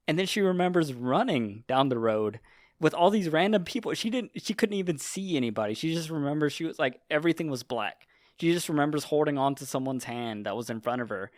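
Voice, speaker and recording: A man's voice: a little high, lively intonation, fast talker, no echo, studio quality. A man chatting casually as a podcast host, retelling a story in a loose, rambling way with lots of swearing and filler. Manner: rambling, profane, heavy use of "like". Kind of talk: casual chat.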